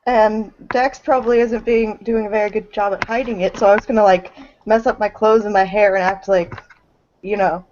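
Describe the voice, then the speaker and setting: A woman's voice: mid-range voice, steady tone, moderate pace, darkish tone, muffled recording, slight background noise. A woman playing in a tabletop game, chatty and bluntly teasing. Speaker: player.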